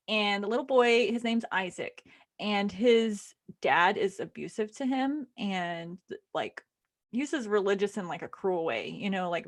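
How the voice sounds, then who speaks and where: A woman co-hosting a podcast, casually and excitedly retelling a book she loved, with lots of fillers. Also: mid-range voice. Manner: animated and gushing, lots of fillers. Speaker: podcast co-host.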